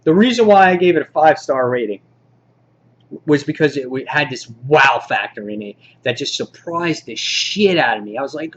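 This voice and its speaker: A man's voice: fairly high pitch, animated, moderate pace, a bit bright, muffled recording. A man casually reviewing comic books for a weekly countdown video, enthusiastic and rambling, with lots of fillers. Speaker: comic book vlogger.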